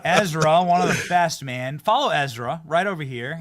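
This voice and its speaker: A man hosting a political talk show, chatting emphatically and jumping in with quick reactions. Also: fairly high pitch, lively intonation, fairly bright tone. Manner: emphatic, interjecting. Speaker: show host.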